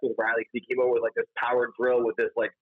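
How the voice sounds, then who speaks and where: A man's voice: medium pitch, monotone, racing, breathy edge, no room sound. A man from South Florida, a talkative, self-deprecating guest in a casual chat. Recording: tinny phone-like dry line.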